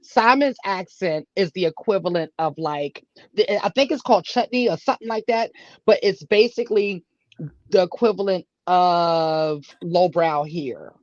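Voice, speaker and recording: A woman's voice: fairly low pitch, normal speed, no room sound. Co-host, woman, agreeable, dull lo-fi dry audio. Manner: agreeable, chimes in with short affirmations. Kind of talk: casual livestream chat.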